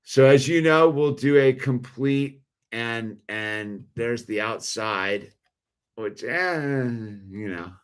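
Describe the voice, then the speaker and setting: A man's voice: medium pitch, slow, clear, resonant tone. A man hosting a toy-building video in a laid-back, slangy way, saying dude a lot. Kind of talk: casual commentary while building.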